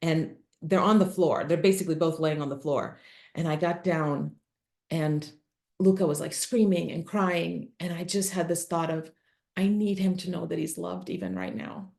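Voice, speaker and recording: Earnest low-voiced woman telling a story. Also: fairly even intonation, normal speed, vocal fry, darkish tone. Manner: earnest, emotional, quotes herself and her son vividly. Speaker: podcast guest, author and speaker. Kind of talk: candid interview storytelling.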